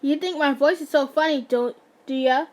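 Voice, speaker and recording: A woman voicing a big, muscular male kidnapper who has a high voice and is quick to take offense. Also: lightly acted. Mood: defensive.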